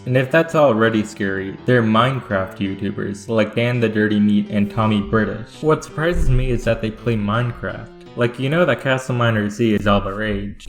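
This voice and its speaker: A man doing deadpan, mock-serious scripted satirical narration as a comedic history YouTuber. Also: fairly low pitch. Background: faint guitar music.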